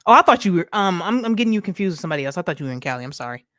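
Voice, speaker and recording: A woman with a lowish voice hosts a casual live stream, greeting viewers one by one with upbeat slang. The sound is close and dry, with no room around her. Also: very animated, very fast, a bit bright, no echo. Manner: chatty, greets viewers by name, laughs often.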